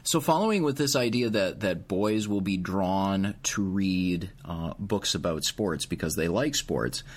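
Very deep-voiced male host, asks careful probing questions. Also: animated, a little slow, husky. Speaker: interviewer. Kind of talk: interview questions.

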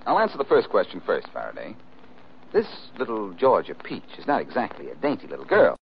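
A cool, wisecracking detective with a low voice that rises and falls in a lively way. It's 1940s radio drama, the sound dull and lo-fi with faint hiss. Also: male voice, fairly quick. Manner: dry, teasing wisecracks.

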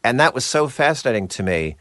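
A middle-aged man from New Jersey, a voice actor, telling stories in a casual interview with crisp, clipped enunciation and a slight Jersey edge. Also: medium pitch, quick pace, no room sound, clean studio sound. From New Jersey, USA. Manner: animated storyteller, slips into voices. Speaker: voice actor guest.

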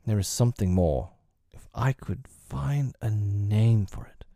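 A man's voice: on the low side, a little slow, gravelly, mellow, dry recording, studio quality. A man reading aloud, voicing an earnest, proper middle-aged lawyer who asks pressing, polite questions. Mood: perplexed.

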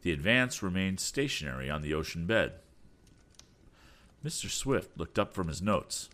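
A man narrating a classic adventure novel aloud in a steady, expressive reading. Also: deep voice, moderate pace. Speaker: audiobook narrator.

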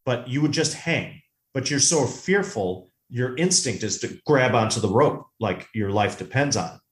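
A man co-hosting a movie podcast, telling a rambling, animated story in casual chat. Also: mid-range voice, normal speed. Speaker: podcast co-host. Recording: roomy echo.

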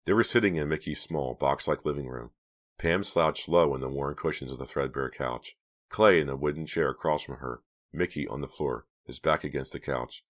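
A man reading a novel aloud as audiobook narrator, steady storytelling. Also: extremely low pitch. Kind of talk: scripted narration.

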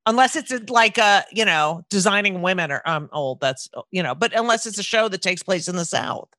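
Bright, rambling middle-aged woman host. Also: fairly low pitch, expressive, fairly quick, no room sound. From New Jersey. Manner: rambling, profane, breaks off mid-sentence. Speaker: podcast host. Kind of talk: casual interview chat.

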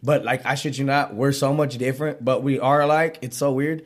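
A man who is a guest musician, chatting on a podcast from a studio. He tells stories in an animated way, swears freely and laughs often. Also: medium pitch, fairly quick. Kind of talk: casual podcast chat.

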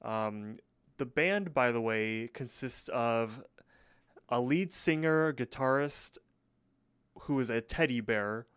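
Man, podcast co-host, smooth clear voice, dry close sound, casual filler-heavy recap. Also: mid-range voice, a bit bright, no room sound. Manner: loose, filler-heavy retelling with quick voice impressions.

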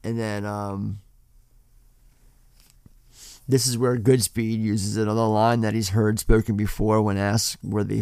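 A man's voice: lowish voice, vocal fry, darkish tone, smooth, no room sound, clean studio sound. A man co-hosting a podcast, casually retelling a film scene by scene with plenty of swearing. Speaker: podcast co-host. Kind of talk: casual film-review chat.

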